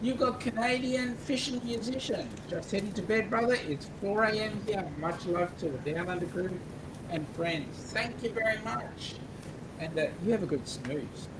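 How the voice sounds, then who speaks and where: An Australian man co-hosts a casual live chat, reading out viewers' comments and joking along. His voice sits fairly high for a man. A clear noise floor runs under the whole stream. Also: animated, moderate pace. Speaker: co-host.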